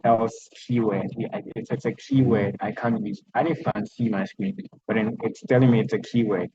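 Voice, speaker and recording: A man with a Ghanaian accent teaching programming in an online lecture, talking in a halting way with many restarts and repeated words. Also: fairly low pitch, steady tone, dark tone, slightly rough. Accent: Ghanaian English. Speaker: programming instructor. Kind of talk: online lecture with screen sharing. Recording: dull lo-fi online call audio.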